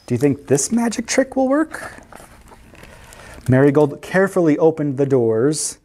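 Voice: medium pitch, sing-song, unhurried, pauses often, warm tone, slight background noise. A library storyteller reading picture books aloud to children, who asks the listeners questions and explains words along the way.

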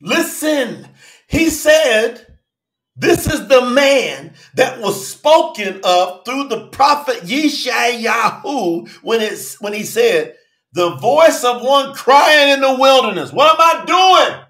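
A man preaches a fervent livestream sermon in a high, lively voice that swoops up and down. He often shouts and calls out his viewers by name. His bright voice carries a roomy echo. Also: slow. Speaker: preacher and channel host.

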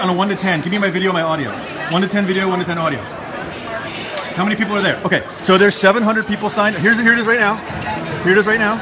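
A man talks into a handheld phone, rambling and unsure of what he is doing. His voice sits high, and loud conference chatter surrounds him. He keeps narrating everything he sees. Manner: flustered, rambling, self-narrating. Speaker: livestreaming attendee. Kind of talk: casual live-stream chatter. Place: busy conference hall with people chatting. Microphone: phone held in hand. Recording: loud crowd chatter behind.

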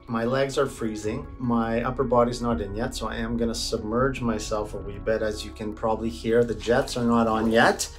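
Soft music plays behind this man as he speaks to camera from a cold bath at home, coaching viewers candidly with self-deprecating humor. His mid-range voice varies little in pitch, moving at a normal speed with few pauses.

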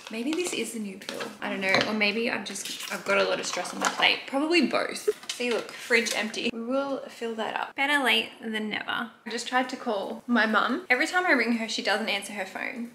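A young Australian woman with a slight lisp and a gravelly, slightly high voice vlogs casually to camera. She's chatty and frank, swears freely, and often drops to a hushed whisper. A little hiss or hum sits in the background.

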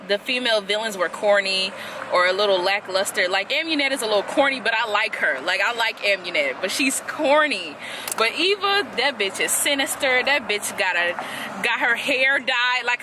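A young woman vlogger giving a blunt, profane and animated casual review. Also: fairly high pitch, noisy background.

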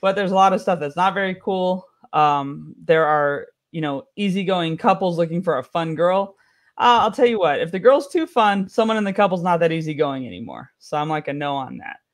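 A man's voice: fairly high pitch, fairly quick. Wry American man doing stand-up. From United States. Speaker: stand-up comedian. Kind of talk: stand-up comedy set.

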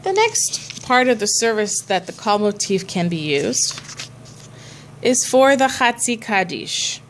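A woman's voice: medium pitch, sing-song, slow pace, slight background noise. A woman cantor teaching a class on chanting prayers, explaining patiently and chanting short examples.

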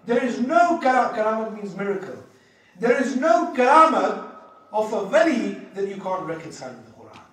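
A man preaches in a fairly high voice. He tells stories with animated, acted-out quotes. His voice rings through a very echoey hall, picked up from some distance away. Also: moderate pace. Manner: animated storyteller who acts out quoted voices and laughs. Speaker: Islamic teacher. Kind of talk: sermon with told anecdotes.

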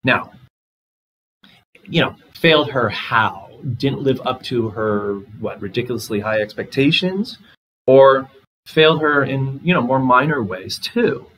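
A man giving a literature lecture in a relaxed, conversational way, reading short passages aloud and commenting on them. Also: mid-range voice, a little slow, rough recording. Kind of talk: recorded lecture.

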